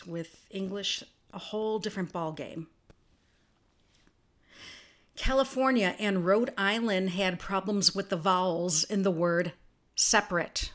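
A woman hosting her own podcast in a casual solo monologue, chatty and spelling words out letter by letter. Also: medium pitch. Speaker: podcast host.

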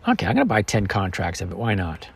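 A man's voice: sits low, huge pitch swings, quick pace, husky. A man hosting a podcast, chatting casually and joking as he walks through the numbers of a trade. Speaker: podcast host. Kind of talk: casual trading talk.

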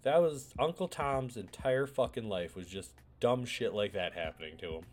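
A man's voice: medium pitch, normal speed. A man chatting casually with friends, telling a rambling, profane family anecdote with plenty of fillers. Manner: rambling, profane, loose storytelling. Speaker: storyteller among friends. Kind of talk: casual chat.

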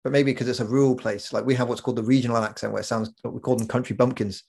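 A man's voice: mid-range voice, fairly even intonation, gravelly, a little mellow, slightly rough. A man talking casually as a guest, telling rambling stories in a chatty way. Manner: chatty storyteller, quick and rambling. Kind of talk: casual chat.

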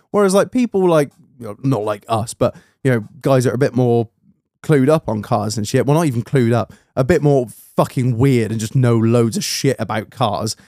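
A man's voice: medium pitch, a little fast, no room sound, studio quality. A young British man chatting casually on a podcast, rambling and swearing as he tells car stories. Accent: British English. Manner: sweary, rambling, animated storytelling. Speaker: podcast host. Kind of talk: casual chat.

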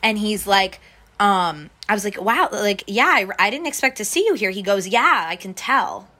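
A woman's voice: medium pitch, expressive, normal speed, bright, forceful tone. A young woman telling a story in a casual chat, full of "like" and acting out what people said. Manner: chatty, full of "like" fillers, acts out quoted lines.

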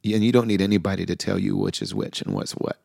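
Deep, gravelly-voiced man telling a heartfelt story. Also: sing-song, fast talker, dry recording, studio quality. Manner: soft-spoken, heartfelt, with frequent fillers and quoted dialogue. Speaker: podcast host. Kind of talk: reflective personal storytelling.

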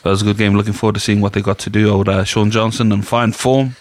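A man's voice: fairly low pitch, fairly even intonation, fast, no echo. A man, co-hosting a casual chat podcast and telling rambling stories in laid-back slang. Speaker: podcast co-host.

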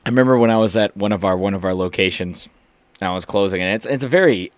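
A man's voice: fairly low pitch, quick pace, no echo. A young man in casual chat, chatty and easily amused, telling his own work story. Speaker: store manager.

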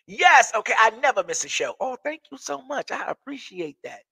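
Sassy high-voiced man from DC. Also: big pitch swings, fairly quick, vocal fry, pushed and bright, slightly rough, no echo. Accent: Washington, DC. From Washington, DC. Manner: brassy, sassy, profane banter. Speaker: comedian hosting a live stream. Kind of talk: live-stream chat, reading viewer comments.

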